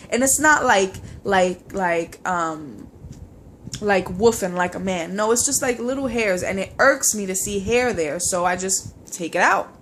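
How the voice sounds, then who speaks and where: A young woman with a stuffy nose from a cold, venting in a frustrated, halting personal vlog with many fillers and restarts. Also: medium pitch, fairly bright tone, a little hiss or hum. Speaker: vlogger. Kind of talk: emotional personal vlog rant.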